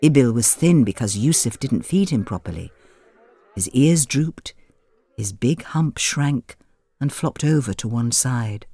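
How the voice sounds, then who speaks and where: A man reading a children's storybook aloud in a gentle, expressive manner. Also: mid-range voice, unhurried, husky, no room sound. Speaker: narrator. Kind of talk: storybook narration.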